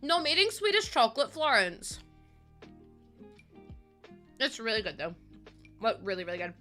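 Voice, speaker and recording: Young woman, chatty streamer, bright crisp voice, fairly high, faint music behind. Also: very animated, normal speed. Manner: chatty, laughs often, reads chat aloud. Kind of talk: casual live-stream chat while gaming. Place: room at home.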